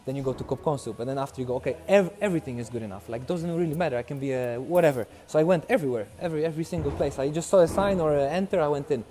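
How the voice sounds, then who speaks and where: A man's voice: on the high side, very fast, few pauses. A young man from Poland with a Polish accent, telling his story casually in a documentary interview, acting out dialogue with many restarts. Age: young adult. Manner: animated, acts out dialogue, frequent restarts. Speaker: documentary subject.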